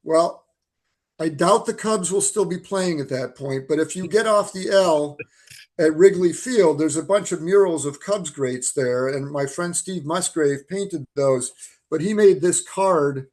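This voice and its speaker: A man in his sixties, a filmmaker being interviewed over a video call, telling stories in a lively, animated way. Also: on the high side, measured pace. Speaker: filmmaker guest. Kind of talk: storytelling interview answers.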